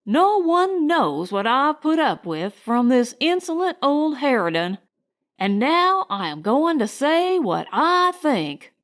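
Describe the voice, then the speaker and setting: A woman voicing a defiant young female housemaid with a soft Southern drawl. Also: high voice, sing-song, slow pace, pitched above the performer's own voice, heavily acted.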